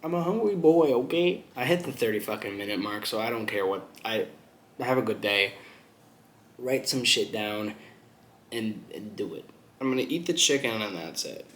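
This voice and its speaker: A man's voice: lowish voice, moderate pace, bright, forceful tone, slight background noise. A man vlogging while he eats, telling a rambling story with lots of laughter and swearing. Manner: laughs often, swears freely, rambling retelling. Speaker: mukbang vlogger. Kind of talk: casual storytelling while eating. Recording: echoey room.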